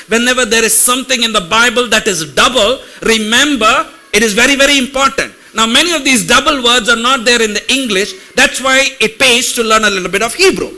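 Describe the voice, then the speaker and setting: High bright-voiced male preacher. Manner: talks directly to congregation with questions; reads Hebrew words slowly. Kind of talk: sermon teaching.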